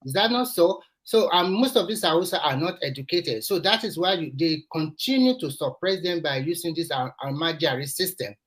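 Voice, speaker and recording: A man's voice: a little high, expressive, normal speed, few pauses, fairly bright tone, low-quality recording. A Nigerian man hosting a casual discussion, talking earnestly and repeating phrases to press his point. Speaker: host.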